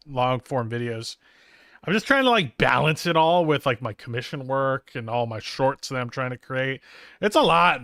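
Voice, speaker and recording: A man's voice: a little high, fairly bright tone, no room sound, clean studio sound. A tired young man on a live stream, chatting playfully and rambling while he draws. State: tired but wired on coffee. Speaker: streamer and artist. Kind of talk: casual live-stream chat.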